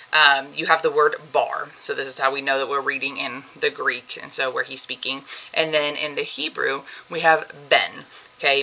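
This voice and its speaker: Bright-voiced woman teaching a Bible lesson. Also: low voice, low-quality recording. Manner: conversational teaching, many "um"s and checking "right?"; seated while teaching. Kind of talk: Bible study lesson, reading scripture and explaining.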